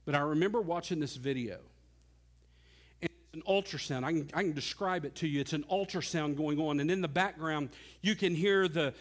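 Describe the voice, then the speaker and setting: Male pastor, middle-aged, earnest pulpit delivery with sharp dynamic swings, slightly high voice. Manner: earnest preaching, dropping soft and rising loud. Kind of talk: sermon.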